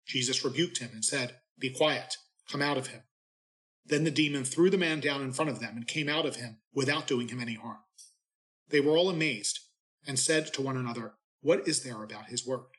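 Male clergyman, mid-pitched, unhurried reverent delivery for daily readings and a short homily. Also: fairly bright tone, poor audio. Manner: measured, reverent reading cadence.

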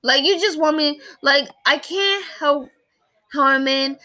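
A woman's voice: high-pitched, slow, sharp tone. A woman in her early twenties talking casually about a personal loss, rambling and emotional, with many fillers and restarts. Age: early 20s. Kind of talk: casual personal talk to camera.

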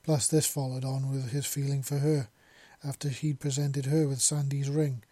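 A man's voice: mid-range voice, little pitch movement, moderate pace, warm tone, dry recording. A man reading a romance story aloud, with small slips and restarts. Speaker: narrator. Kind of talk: amateur fiction reading.

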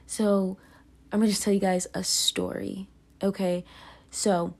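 Unhurried and mid-range, with little movement in pitch, a young woman's voice carries her podcast's casual confessional monologue. She works through her feelings in a rambling, self-conscious way, full of fillers and restarts.

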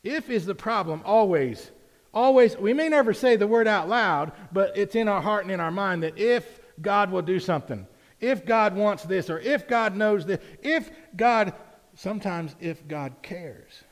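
A man preaches in a church. His voice sits a little high and he talks to the congregation in a conversational way, then builds to loud, emphatic peaks. The sound carries a long reverb from the hall. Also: lively intonation, normal speed. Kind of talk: sermon. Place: church sanctuary.

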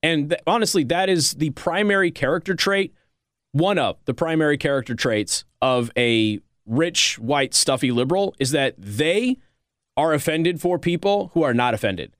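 A man's voice: a little high, lively intonation, normal speed, fairly bright tone, dry recording, studio quality. Sarcastic man hosting a commentary show. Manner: conversational, sarcastic, rambling with restarts. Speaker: political commentary host. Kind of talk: casual commentary monologue.

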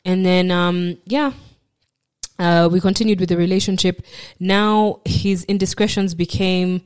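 A woman, a podcast guest, telling a personal story in a halting way, repeating words and acting out what others told her. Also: on the low side, fairly even intonation, smooth.

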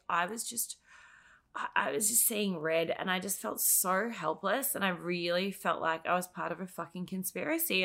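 A woman telling her story as a podcast guest, animated and swearing freely as she acts out what others said. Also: medium pitch, gravelly.

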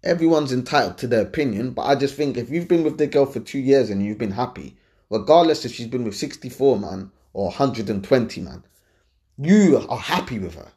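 A man's voice: medium pitch, brisk. Blunt young man giving advice. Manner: blunt, animated, repeats points, slangy. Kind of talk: casual advice talk.

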